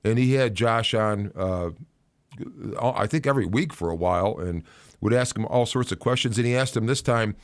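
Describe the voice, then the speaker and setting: A man hosting a casual livestream rant about football, telling a story in a rambling way with many restarts and fillers, in a small sound-softened studio. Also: on the low side, normal speed, no room sound. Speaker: host.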